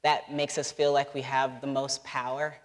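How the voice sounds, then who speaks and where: A woman author answering audience questions at a live talk, earnest and quick to laugh, in a large hall. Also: extremely low pitch, level tone. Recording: long hall reverb.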